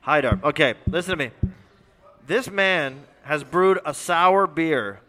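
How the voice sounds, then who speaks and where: A man with a high, bright voice talks up a brewer to the audience at a live event. He swears often and his praise is loud and insistent. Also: expressive, a little slow, long reverb tail. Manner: profane, emphatic hype.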